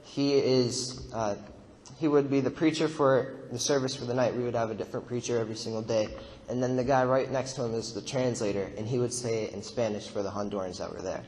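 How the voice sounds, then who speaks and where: A man's voice: mid-range voice, steady tone, fairly quick, darkish tone, big-room sound, a little hiss or hum. A young man casually recounting a mission trip while narrating a slideshow, rambling with fillers and laughs. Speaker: mission trip member giving testimony.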